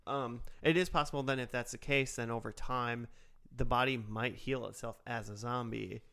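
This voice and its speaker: A man's voice: mid-range voice, fairly even intonation, normal speed, vocal fry, fairly bright tone, clear, resonant tone. A man co-hosting a podcast, thinking aloud in a rambling, casual way. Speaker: podcast co-host. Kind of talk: casual chat.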